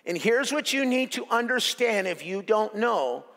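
A male pastor preaching a sermon in an animated, joking way, repeating phrases for emphasis. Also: high voice, measured pace, vocal fry. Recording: echoey hall reverb.

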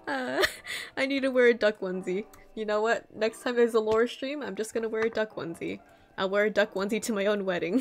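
A woman's voice: a little high, a little fast. A woman streaming a game, chatting in a playful, giggly, mock-dramatic way. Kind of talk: casual gaming stream chat.

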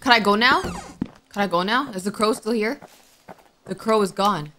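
A young woman giving let's-play commentary, jumpy and excitable, quick to panic and squeal at scares. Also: mid-range voice, slight background noise. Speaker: gaming YouTuber.

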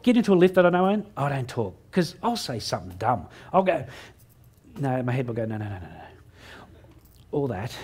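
A middle-aged Australian man telling a funny story to an audience, playing out each line of dialogue himself. His voice sits a little high and he mocks himself as he goes. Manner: lively storyteller who acts out dialogue, self-mocking. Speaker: motivational speaker. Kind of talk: humorous storytelling talk on stage.

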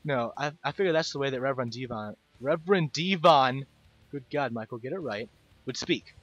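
A man's voice: medium pitch, quick pace, no room sound, highs cut off, soft background music. A man hosting casual game commentary, rambling, stumbling over words and poking fun at himself. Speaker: gaming video host.

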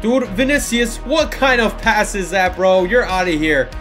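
A young man commenting live on his own football video game match, excitable, with frustrated outbursts and shouts at big moments. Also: high voice, a little slow, faint music behind. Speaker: gaming YouTuber.

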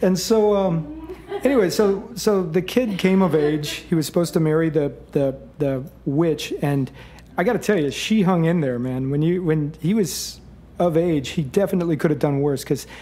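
A middle-aged man on a live stage telling a rambling comic fairy tale, chuckling through deadpan asides. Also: on the high side, normal speed.

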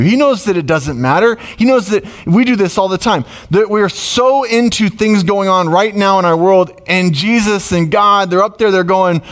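Conversational preacher, higher-pitched man. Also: expressive, a little slow, hardly any pauses. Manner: conversational preaching, questions to the congregation; acts out quoted prayers in a shifting voice. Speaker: pastor. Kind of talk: sermon. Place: church sanctuary.

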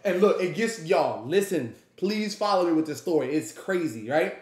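Male streamer, high voice, roomy room, animated storytelling, acts out the people in his story. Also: moderate pace. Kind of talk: casual storytelling to a live audience.

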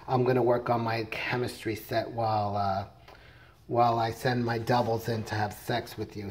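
A man's voice: mid-range voice, a little mellow. A middle-aged man casually retelling a comic book plot, rambling with many fillers and restarts. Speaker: comics reviewer.

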